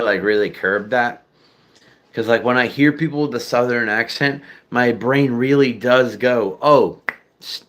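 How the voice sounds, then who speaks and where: A man's voice: medium pitch, sharp tone. Rambling profane man chatting casually. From United States. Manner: rambling, profane, self-deprecating, many fillers. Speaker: streamer chatting with viewers.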